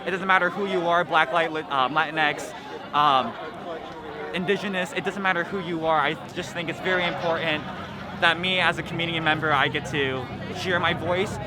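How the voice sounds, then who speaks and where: Brief: young man, vigil speaker, sincere and halting, high voice, loud crowd all around. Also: fairly even intonation. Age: young adult. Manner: sincere, slightly hesitant with fillers. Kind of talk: public speech. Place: outdoor vigil. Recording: outdoors amid a loud crowd and noise.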